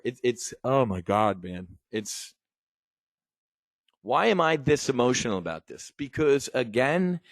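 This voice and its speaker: A man's voice: mid-range voice, no echo, studio quality. A middle-aged man from the United States ranting angrily and emotionally to viewers, swearing and stumbling over restarts as he teaches trading. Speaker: trading educator. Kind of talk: impassioned rant to viewers.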